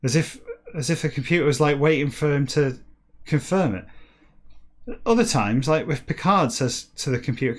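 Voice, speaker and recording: A man's voice: fairly high pitch, normal speed. A man in his forties hosting a podcast, rambling through a sardonic, mock-boastful comic monologue. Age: 40s. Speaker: podcast host.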